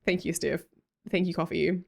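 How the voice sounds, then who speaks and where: A young Australian woman chatting casually on a livestream, bubbly and quick to laugh, answering chat as she goes. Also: fairly low pitch, steady tone, vocal fry. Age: young adult. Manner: bubbly, laughs often, reads chat aloud.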